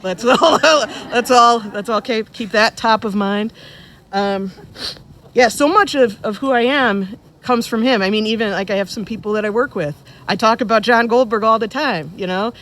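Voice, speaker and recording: A woman's voice: fairly high pitch, moderate pace, fairly bright tone, a little hiss or hum. Woman in her forties, joking through a eulogy. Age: 40s. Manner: conversational, humorous storytelling. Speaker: eulogist, daughter of the deceased. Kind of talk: funeral eulogy. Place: funeral service before a gathered audience.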